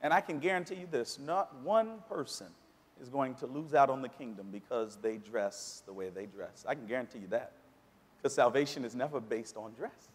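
A man preaching a sermon, climbing dramatically toward near shouts at his points of emphasis. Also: mid-range voice, moderate pace, breathy edge, big-room sound. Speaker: pastor. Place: church sanctuary.

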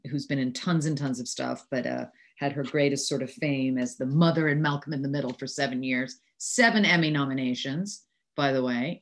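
This American actress in her 60s, from New York City, has a low voice. As an interview guest in a casual storytelling chat, she tells animated anecdotes and laughs often.

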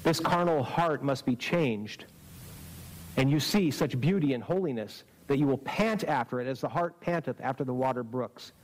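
A man's voice: mid-range voice, normal speed, low-quality recording. Earnest man preaching a sermon. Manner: earnest, exhorting, asks the audience rhetorical questions. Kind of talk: camp-meeting sermon.

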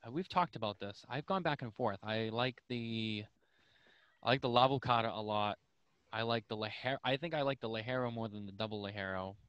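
A man hosting a podcast in casual chat, animated and rambling with many restarts. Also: on the low side, a little fast, smooth, no echo, highs cut off. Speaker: podcast host.

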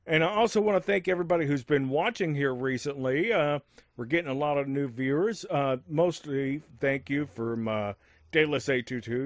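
A man hosting a game let's-play in casual, rambling commentary with many asides, speaking above his natural low register. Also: no room sound, studio quality. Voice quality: rambling, lots of fillers and asides.

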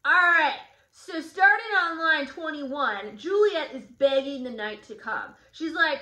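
A woman's voice: high voice, animated, measured pace, few pauses, sharp tone. A woman teacher leading a casual guided reading lesson, chatty with sardonic asides. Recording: roomy echo.

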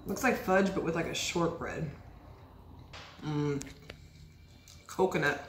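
A woman's voice: low-pitched, slow, slight background noise. A woman chatting enthusiastically while tasting treats for a casual vlog, recorded in a bakery. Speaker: vlogger. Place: bakery, indoors. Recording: echoey room with faint ambience.

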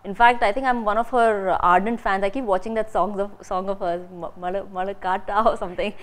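A woman actress answering questions in a casual interview, playful and quick to laugh. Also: mid-range voice, fairly even intonation.

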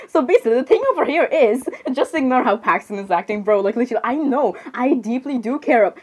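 A woman in an improvised character chat video, addressing her viewers with excitable, slang-heavy energy. Her voice sits fairly high and swings through a wide, animated range. She laughs often between lines. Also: fast, hardly any pauses. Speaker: video creator.

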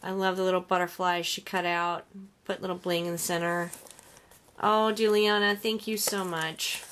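A woman's voice: lowish voice, level tone, moderate pace, a bit bright. A woman vlogger chatting casually as she unboxes craft gifts, gushing, exclaiming and often sighing.

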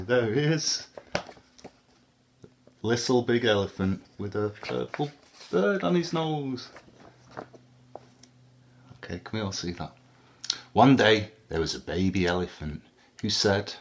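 Children's storyteller, male, unhurried with a lively, swooping delivery, asks the young listeners questions. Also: on the low side. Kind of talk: picture-book read-aloud.

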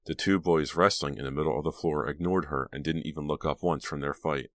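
A man narrating an audiobook in a steady, measured storytelling manner on a close mic. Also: very deep voice, no echo. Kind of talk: scripted narration.

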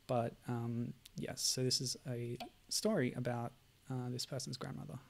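A man's voice: mid-range voice, flat delivery, moderate pace, vocal fry. A man streaming and chatting casually about games, hesitant and full of ums. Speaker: game streamer.

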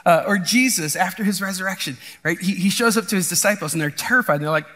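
Male pastor, conversational church sermon, high and bright-toned. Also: fast talker. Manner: conversational, restarts often, asks the congregation 'right?'. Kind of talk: casual sermon.

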